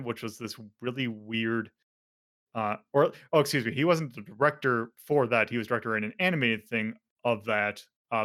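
A man's voice: mid-range voice, a bit bright. A man hosting a casual podcast, rambling with lots of fillers and self-corrections. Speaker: podcast host.

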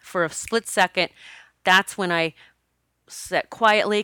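A woman's voice: mid-range voice, steady tone, slow, pauses often, bright, forceful tone, clean tone, no echo, clean studio sound. A woman talking to camera in a casual, confessional way, rambling and laughing as she goes. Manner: chatty, laughs often, rambling restarts. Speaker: spiritual vlogger.

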